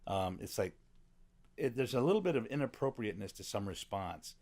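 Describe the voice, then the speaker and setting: Lower-voiced man in casual chat. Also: animated, brisk, a little mellow. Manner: wry, interjects with comments and laughs. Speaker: podcast guest. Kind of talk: casual conversation.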